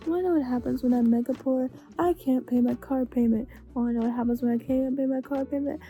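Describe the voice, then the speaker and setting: A woman's voice: fairly high pitch, quick pace, mellow, faint music behind. A young woman vlogger ranting late at night, exasperated, rambling and swearing constantly.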